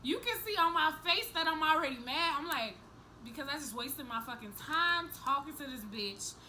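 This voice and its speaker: A young woman vlogger telling a story to the camera in a casual, animated, profane way, acting out each person's lines. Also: high-pitched, moderate pace, slight background noise, low-quality recording.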